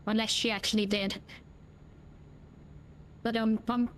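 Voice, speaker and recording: A woman's voice: fairly high pitch, flat delivery, measured pace, slight background noise. Cheeky woman chatting while gaming. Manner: cheeky, jokey, rambling. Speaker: gaming streamer. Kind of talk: casual gameplay chat.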